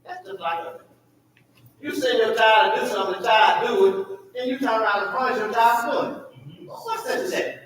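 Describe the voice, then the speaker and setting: A man teaching a church Bible class, animated, asking the class questions and acting out the prayers. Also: very high-pitched, normal speed. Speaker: Sunday school teacher. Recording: echoey room, mic far off, faint noise.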